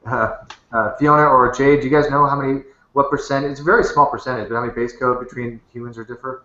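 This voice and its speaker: A man's voice: medium pitch, steady tone, fast, sharp tone, echoey room, lo-fi sound. A man hosting an online chat, thinking aloud and restarting his sentences as he asks questions. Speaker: host and moderator. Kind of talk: casual debate chat. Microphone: webcam headset or desk mic.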